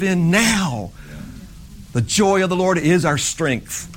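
A man's voice: high voice, animated, slow pace, a little hiss or hum. Fervent conversational male preacher. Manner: conversational, rising to fervent emphasis. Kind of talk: informal sermon.

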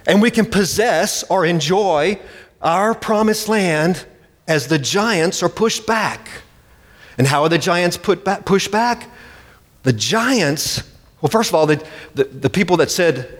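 A man preaches a sermon emphatically, dramatically acting out the voices of those he quotes. His voice is high-pitched and animated, and he speaks a little slowly. The sound has the long reverb of a hall.

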